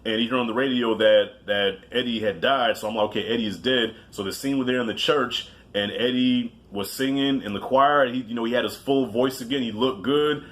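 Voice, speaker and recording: A man counts down his favorite movies in a casual, rambling way, full of restarts and swearing. His pitch sits in a middle range for a man, and he jokes at his own expense as he goes. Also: fairly quick, hardly any pauses, fairly bright tone. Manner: loose and profane, with self-mocking asides. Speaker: movie reviewer.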